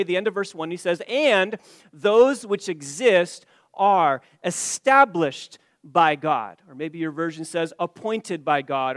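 A man preaching an expository sermon to his church, stressing key words loudly and then dropping his voice low, with some stammering restarts. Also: dry recording, clean studio sound. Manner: emphatic, rising to loud stresses then dropping quiet. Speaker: pastor.

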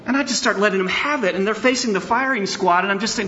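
A man's voice: sits high, animated, quick pace, hardly any pauses, a bit bright, muffled recording, a little hiss or hum. A middle-aged male pastor preaching a sermon in a church, speaking candidly and telling personal stories, at times building to emphatic bursts. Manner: candid, storytelling, rising to emphatic outbursts. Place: church sanctuary.

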